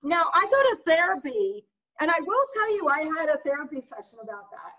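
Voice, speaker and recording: Her voice is high, sing-song, fairly quick, and fairly bright as she, a middle-aged visiting artist lecturer, gives a casual, candid art lecture. She laughs at her own stories, and the video call audio sounds muffled.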